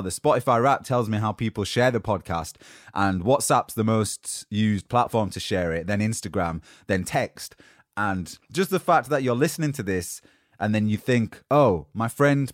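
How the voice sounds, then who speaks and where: A man's voice: on the low side, no echo, clean studio sound. A young British man hosting a solo motivational podcast in a rambling, conversational way from his home. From Britain. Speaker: podcast host. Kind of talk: casual solo podcast talk.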